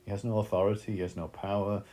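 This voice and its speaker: A man's voice: on the low side, level tone, fast talker, mellow. A man teaching a literature lesson, explaining in a thoughtful way with frequent fillers.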